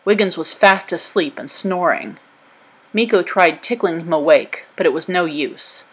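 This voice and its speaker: A woman reading a children's storybook aloud in an even storytelling manner. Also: lowish voice, a little slow, slightly rough, rough recording. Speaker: storybook reader.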